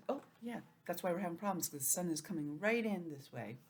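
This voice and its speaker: Gentle sing-song teacher woman. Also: on the low side, brisk, husky. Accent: New England. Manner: gentle, sing-song and expressive, acting out feelings. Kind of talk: online lesson for young children.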